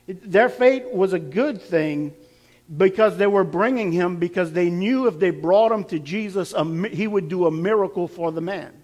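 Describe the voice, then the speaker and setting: A man's voice: high-pitched, darkish tone. A man preaching a sermon, laughing now and then and building up to emphatic, repeated lines.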